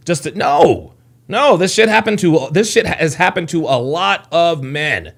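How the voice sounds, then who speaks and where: A man's voice: a little high, lively intonation, brisk, a bit bright. A man hosting a live reaction show, heated and exasperated, cursing and repeating himself as he argues with a clip. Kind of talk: animated reaction commentary.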